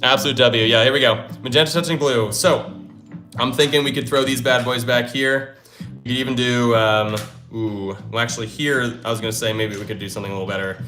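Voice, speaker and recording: A man's voice: medium pitch, steady tone, a little fast, pushed and bright. Upbeat young male puzzle streamer. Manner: upbeat, hypes himself up, thinks aloud. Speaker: livestream host. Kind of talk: casual live-stream chat while solving puzzles. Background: faint lo-fi music.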